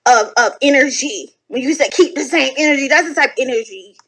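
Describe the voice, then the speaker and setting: A woman giving casual reaction commentary from home at night, animated, sassy and blunt, swearing freely. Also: sits high, brisk, poor audio. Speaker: online commentator reacting to videos.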